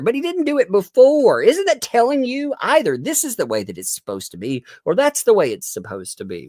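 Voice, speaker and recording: A man's voice: high voice, a little mellow, no room sound, studio quality. A middle-aged man hosting a live commentary stream on a court case, sarcastic, laughing often and swearing. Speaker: commentary livestream host.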